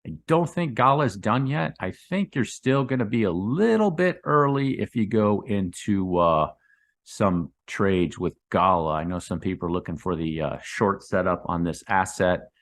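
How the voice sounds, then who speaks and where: A man giving casual commentary on crypto charts, rambling and calling his viewers "guys," with his voice dropping low on those asides. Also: expressive, normal speed. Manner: rambling, addresses viewers as guys, drops low on tag words. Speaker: crypto market analyst.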